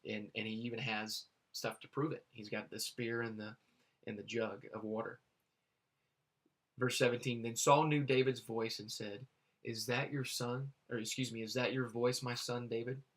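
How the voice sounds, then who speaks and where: A man reading Bible verses aloud and explaining them in a halting way, with many fillers and restarts. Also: on the low side, little pitch movement. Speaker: Bible teacher.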